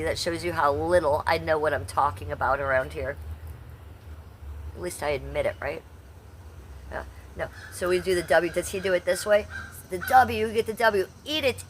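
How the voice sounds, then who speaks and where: A woman in her fifties talks to her live-stream chat in a brash, salty way, answering viewers by name. Her voice sits a touch low. A faint hum of noise runs under it. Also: fairly bright tone. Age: 50s. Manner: brash, chatty, reads out chat. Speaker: livestreamer.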